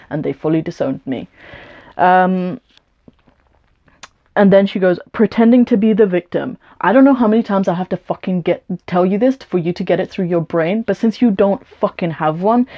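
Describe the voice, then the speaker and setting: A woman's voice: on the low side, warm tone. A young woman from England vlogging a storytime rant, blunt and combative, swearing often as she answers a hostile comment.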